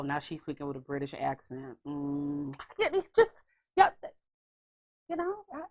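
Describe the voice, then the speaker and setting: Brief: woman podcast host, fairly high voice, loose and animated, casual profanity. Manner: chatty and animated, swears freely. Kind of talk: casual chat.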